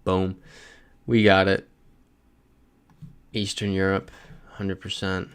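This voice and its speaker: A man's voice: low voice, monotone, slow pace, fairly bright tone, smooth. A man hosting a casual livestream, chatting loosely and reading viewer messages aloud as he plays. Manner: chatty, reads chat messages aloud while playing. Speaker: livestream host. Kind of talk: casual live-stream chat.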